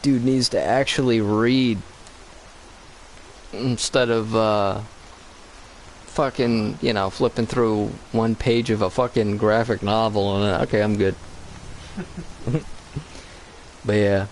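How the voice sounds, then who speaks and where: A man's voice: fairly low pitch, fairly even intonation, slow, long pauses, a little hiss or hum, low-quality recording. A man co-hosting a gaming channel, talking in a loose, rambling, profane way about a cartoon movie. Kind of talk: casual gaming commentary.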